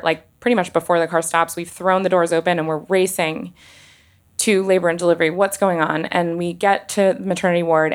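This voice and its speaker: A woman doctor telling a personal story on stage, halting and emotional, with many restarts and pauses. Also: fairly low pitch.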